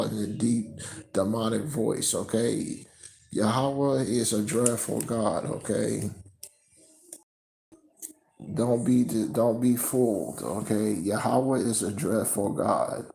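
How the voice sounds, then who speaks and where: Low, gravelly male preacher. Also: fairly even intonation, rough recording. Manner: tags nearly every sentence with "okay?"; reads scripture slower and louder. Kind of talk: scripture teaching.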